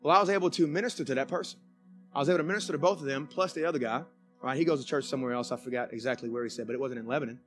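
A male pastor preaching a conversational sermon in a church, folksy and animated, with many restarts. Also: mid-range voice, racing, faint music behind. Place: church sanctuary.

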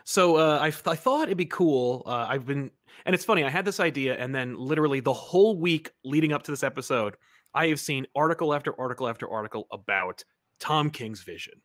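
Male host, casual interview, expressive and lively, dry recording. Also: mid-range voice, fairly quick, dry recording. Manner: animated storyteller, restarts often. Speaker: podcast host.

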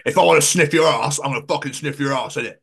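A man's voice: fairly high pitch, fast, gravelly, fairly bright tone, slightly rough, heavily acted. A man voicing a thuggish male British bulldog with an English accent, swaggering and sweary. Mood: aggressive.

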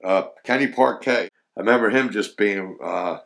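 A man's voice: lowish voice, steady tone, moderate pace, gravelly, few pauses, fairly bright tone. A man casually recounting his days digging clams, rambling with fillers and laughing through his stories. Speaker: former clammer recalling old times. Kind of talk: casual storytelling chat.

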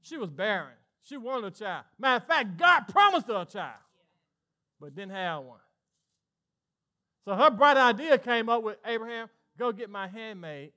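A male pastor with a Southern US accent, preaching an animated sermon and acting out voices in call-and-response style. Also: extremely high pitch, moderate pace, long pauses. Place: church sanctuary with congregation.

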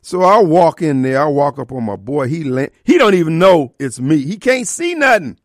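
High, lively man telling a comic tale. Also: normal speed, no echo, clean studio sound. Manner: animated, exaggerated delivery with sudden outbursts. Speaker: radio show host. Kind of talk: comedic storytelling.

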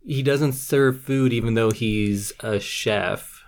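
A man co-hosting a casual movie review podcast, sarcastically retelling the plot with animated asides. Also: mid-range voice, takes it slowly. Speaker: podcast co-host.

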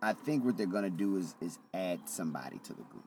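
A man in casual podcast chat, relaxed and slangy, with many fillers. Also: low voice, a little hiss or hum. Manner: laid-back, slangy, drawn-out fillers.

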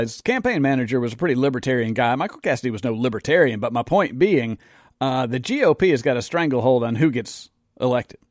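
Man, middle-aged, sarcastic, emphatic, mid-pitched, dry studio sound. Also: a little mellow, dry recording. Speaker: political commentary host. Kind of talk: opinionated political monologue.

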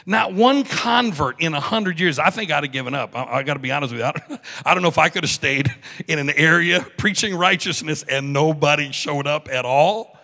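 Male pastor, high gravelly voice, bright tone, reverberant church hall. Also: fairly quick. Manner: animated preaching, acts out biblical figures, joking asides. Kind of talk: sermon. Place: church sanctuary.

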